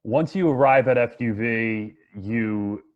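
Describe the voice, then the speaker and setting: A man's voice: medium pitch, slow. A man co-hosting a podcast, setting up questions by retelling the guest's story in a casual way. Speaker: podcast co-host. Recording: dull lo-fi sound.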